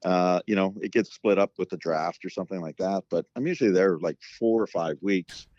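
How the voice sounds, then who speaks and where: A man's voice: deep voice, fairly quick, a little mellow, no room sound, dull audio. A middle-aged man and former hockey coach, chatting casually and telling long stories with lots of fillers. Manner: rambling storyteller with many fillers. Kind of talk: casual chat.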